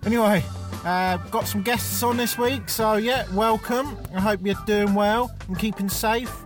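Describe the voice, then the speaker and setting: High-voiced laid-back man. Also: fairly even intonation, unhurried. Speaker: podcast contributor. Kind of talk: pre-recorded monologue. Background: music.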